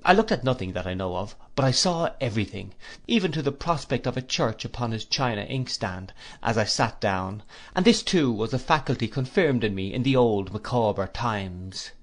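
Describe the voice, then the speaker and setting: A man reading a classic novel aloud for an audiobook in a measured, even storytelling manner. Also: mid-range voice. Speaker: audiobook reader. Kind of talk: scripted narration of a classic novel.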